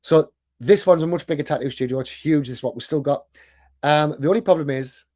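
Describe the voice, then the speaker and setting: A man's voice: fairly high pitch, brisk, darkish tone. A man with a thick accent gives a casual sales presentation, chatty and self-deprecating, often checking in with "right?". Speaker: online sales coach and business owner.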